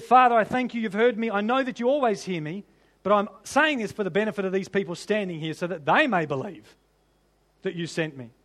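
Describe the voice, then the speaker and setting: A man preaching a sermon, animated and humorous, often laughing and piling up rhetorical questions. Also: high-pitched.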